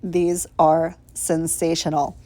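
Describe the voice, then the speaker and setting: Woman, nail tutorial voiceover, chatty, gushing, casually profane, warm tone, dry recording. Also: low voice, level tone, takes it slowly, dry recording. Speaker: nail vlogger. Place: voiceover recorded separately from the video.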